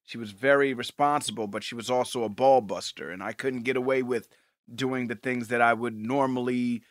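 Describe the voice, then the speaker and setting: A man's voice: mid-range voice, fairly even intonation, moderate pace, no echo. A man in his forties co-hosting a podcast, joking around playfully and throwing out hype calls. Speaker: podcast co-host. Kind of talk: casual chat.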